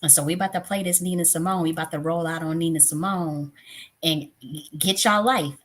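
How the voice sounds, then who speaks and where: A woman's voice: low voice, fairly even intonation, brisk. A woman in her thirties hosting a tarot live stream, talking casually and bluntly with profanity, often getting worked up. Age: 30s.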